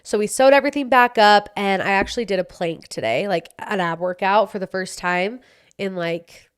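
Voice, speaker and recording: A young woman hosting a podcast, telling a personal story in a casual, animated way, acting out the dialogue and swearing freely. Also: mid-range voice, moderate pace, smooth. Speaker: podcast host.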